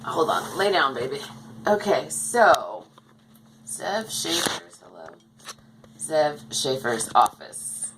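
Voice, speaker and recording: Low gravelly woman rambling on about her dolls, faint hiss behind her. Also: very animated, takes it slowly. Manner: rambling, chatty, talks to her dolls and camera. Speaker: doll collector vlogger. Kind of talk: casual chat. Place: home, indoors.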